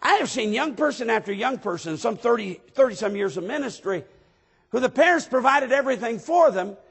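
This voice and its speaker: A man preaching a sermon as pastor, reading scripture aloud and rising to emphatic near-shouts. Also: extremely high pitch, expressive, brisk, vocal fry, slightly rough. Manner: reads scripture aloud in King James wording.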